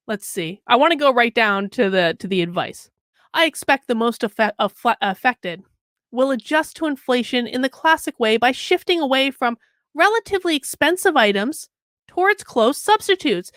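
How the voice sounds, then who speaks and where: A woman's voice: high voice, lively intonation, normal speed, a bit bright, dry recording, studio quality. A woman hosting a political commentary show, reading an article aloud with sarcastic, mocking asides and chatty anecdotes.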